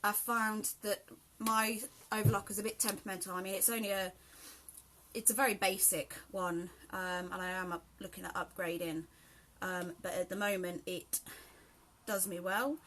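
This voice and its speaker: A woman's voice: mid-range voice, fairly even intonation, moderate pace, a bit bright, slight background noise. A British woman chatting casually in a rambling way while she sews, with lots of ums and laughs. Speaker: sewing vlogger. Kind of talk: casual chat while sewing.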